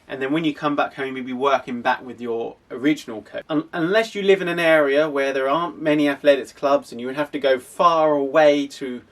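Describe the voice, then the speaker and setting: A man's voice: mid-range voice, fairly even intonation, brisk, few pauses, recorded from a distance. A young man from an athletics club, explaining casually with frequent restarts. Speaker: athletics club coach and host.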